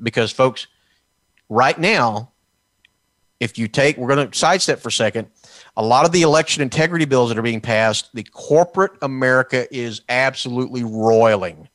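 A man from Texas delivering a fiery political commentary, sarcastic and combative. His voice sits at an ordinary middle pitch. The sound is dry and close, with no room echo. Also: normal speed, a bit bright. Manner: combative and sarcastic, mocking officials in put-on quotes. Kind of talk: heated political talk.

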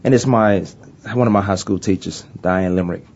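A man's voice: low voice, a little fast, darkish tone, dull audio. A man from Virginia hosting a live sports talk radio show from a studio, talking loosely with frequent restarts and laughs.

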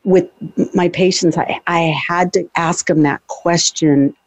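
This host talks in a casual, chatty way and slips easily into personal stories, with plenty of fillers. The voice sits at a middle pitch and is recorded with a very dry, close sound. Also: darkish tone, dry recording, lo-fi sound. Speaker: podcast host, former ICU and bereavement worker. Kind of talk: casual interview conversation.

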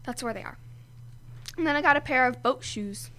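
A woman's voice: high-pitched, moderate pace, bright, forceful tone. A teenage girl co-hosting a kids' radio show, chatting casually and giggling often. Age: teens. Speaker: co-host.

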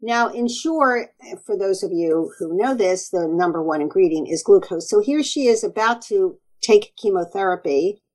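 Animated woman doctor telling stories. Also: medium pitch, normal speed, hardly any pauses, low-quality recording. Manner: earnest, animated storytelling with quoted asides. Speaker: naturopathic doctor, guest. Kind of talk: conversational interview.

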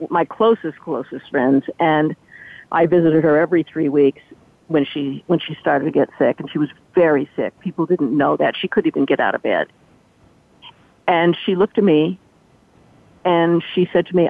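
A woman's voice: deep voice, no room sound. An older woman, a former entertainment reporter, recounting behind-the-scenes stories as an interview guest and acting out what others said. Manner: animated storyteller who acts out quoted speech. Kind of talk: storytelling interview. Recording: tinny dry phone line.

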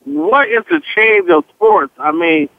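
A man co-hosting a casual sports talk radio show, animated, asking his partner questions and retelling conversations. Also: high voice, measured pace. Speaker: sports talk show co-host, former player. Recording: dry, tinny phone-like radio sound.

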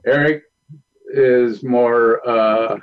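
A man, a film director, telling stories in a calm, measured way as a guest on a talk show. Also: medium pitch, clear, resonant tone, phone-quality sound. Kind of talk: interview storytelling.

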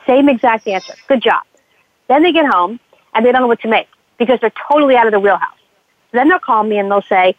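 Over a dry, tinny, phone-like connection with no echo, a woman talks fast in an animated, high-leaning voice. She's an addiction counselor in a conversational interview, telling lively stories and voicing the people she works with.

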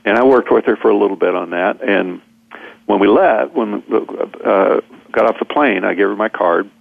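Gravelly low-voiced man on a phone line. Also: moderate pace, no room sound. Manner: rambling, repeats words, many fillers. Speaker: seminar speaker and guest. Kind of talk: storytelling in conversation.

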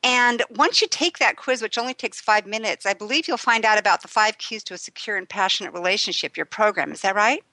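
A woman hosting a talk radio show, chatting casually with her guests and quick to laugh. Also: mid-range voice, sharp tone, dry recording. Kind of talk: casual interview chat.

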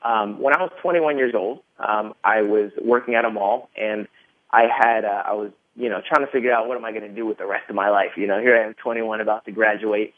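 A man's voice: on the low side, a little fast, dry recording. A man in his thirties, a podcast guest, telling his story in a rambling casual way with many fillers. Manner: rambling, lots of fillers, animated retelling. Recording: tinny phone line.

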